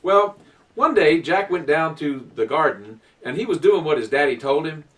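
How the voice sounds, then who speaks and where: A male storyteller spins a folk tale for children, his voice leaping between highs and lows. He sits a bit high for a man and sounds picked up from across the room. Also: recorded from a distance. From Virginia, USA. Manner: animated, folksy, dramatic pauses.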